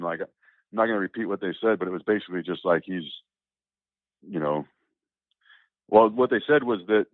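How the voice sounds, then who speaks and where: A man telling a personal story as an interview guest, animated and acting out the dialogue as he goes. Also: low voice, dry recording. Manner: animated, acts out quoted dialogue, repeats words. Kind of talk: casual spoken storytelling. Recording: tinny, phone-like, dry.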